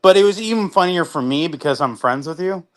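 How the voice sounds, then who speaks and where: High-voiced man hosting a chat. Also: animated, a little fast. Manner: hesitant, many fillers and restarts. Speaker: interviewer, host. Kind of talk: casual interview chat.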